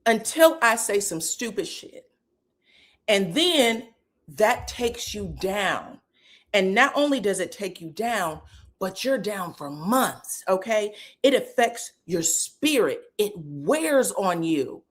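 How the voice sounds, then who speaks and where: Casting note: a woman recapping reality TV in a blunt, animated way, with big pitch swings whenever she quotes the cast. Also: unhurried. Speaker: reality TV commentator. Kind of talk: casual reaction commentary.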